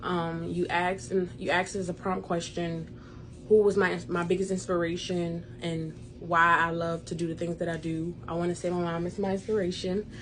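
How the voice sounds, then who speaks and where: A woman's voice: lowish voice, little pitch movement, moderate pace, slight background noise. A young woman reading a mock scholarship thank-you speech in an earnest tone, with many "um"s. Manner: earnest tone, filler "um"s. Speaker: daughter pranking her mother.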